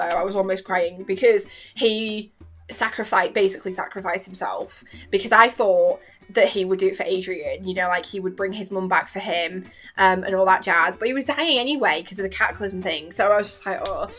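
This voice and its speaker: A young woman, gushing in a casual, animated vlog chat about a cartoon season. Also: mid-range voice. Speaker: vlogger reacting to a cartoon season. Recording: faint guitar music behind.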